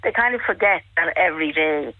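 A woman speaking to a radio host over the phone about her son in prison, earnest and halting. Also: deep voice, lively intonation. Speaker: caller. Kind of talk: phone-in interview. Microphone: telephone. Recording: tinny phone line.

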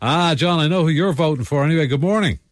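A man's voice: fairly high pitch, quick pace, no room sound. A man with an Irish accent hosting a breakfast radio show in a bouncy, playful way. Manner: bouncy, playful, laughs easily. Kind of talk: upbeat radio presenting.

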